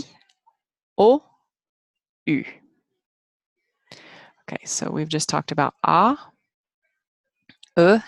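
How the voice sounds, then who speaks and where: A woman with a low voice teaches a screen-share phonics lesson. She speaks slowly and patiently, repeating each sound. The recording is dry, with no room echo. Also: vocal fry.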